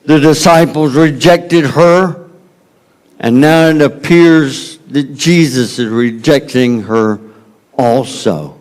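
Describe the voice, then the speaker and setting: Southern US male pastor, slow dramatic sermon delivery, emphatic then hushed. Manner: dramatic, swings from loud emphasis to hushed low tones.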